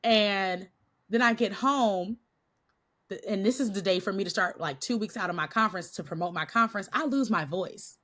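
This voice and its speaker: Brief: woman podcast guest, bright tense tone, slightly stuffy and nasal, lively storyteller who laughs often. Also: mid-range voice, moderate pace. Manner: animated, laughing often, acts out quotes. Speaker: podcast guest, Christian coach. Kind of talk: casual storytelling interview.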